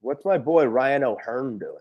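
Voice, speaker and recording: A man's voice: medium pitch, expressive, unhurried, muffled recording. A man co-hosting a casual morning baseball show, talking loosely and swearing as he makes his picks. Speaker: co-host. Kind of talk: casual sports talk.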